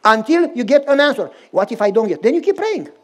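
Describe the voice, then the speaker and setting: Male pastor, storytelling sermon, acts out dialogue, very lively pitch swings. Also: fast. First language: Romanian.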